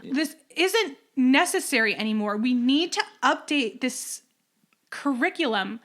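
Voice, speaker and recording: A young woman co-hosting a podcast, ranting in animated casual chat. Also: high-pitched, unhurried. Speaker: podcast co-host.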